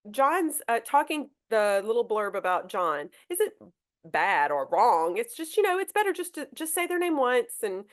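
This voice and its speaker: A young woman teacher hosting a manners podcast, talking casually and brightly with lots of fillers and restarts. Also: on the high side. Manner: chatty and upbeat, many fillers and restarts. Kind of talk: casual classroom talk.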